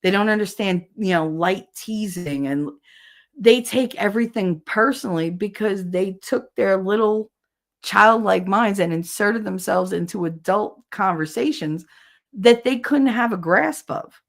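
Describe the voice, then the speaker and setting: A woman from New Jersey hosts a casual livestream, reading out chat comments with a mid-range voice, a little slow and marked by vocal fry. She's blunt, swears, and laughs often.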